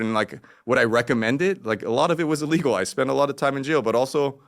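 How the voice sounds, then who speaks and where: A man of about fifty, speaking as a guest in a relaxed interview at a mid-range pitch. He rambles and swears freely, jumping into acted-out quotes as he talks. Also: fast, hardly any pauses. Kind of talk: casual interview conversation.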